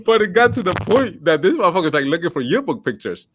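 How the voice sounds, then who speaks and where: Lively young man acting out a story. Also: high-pitched, fast. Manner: lively, profane, acts out quotes. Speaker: podcast co-host. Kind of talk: casual storytelling chat.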